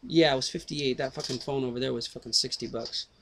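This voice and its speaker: A man's voice: mid-range voice, fairly even intonation, fast, gravelly, background noise. A man rambling through a profane video monologue on a headset mic, swearing constantly, breaking off into tangents and restarting his sentences. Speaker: video host.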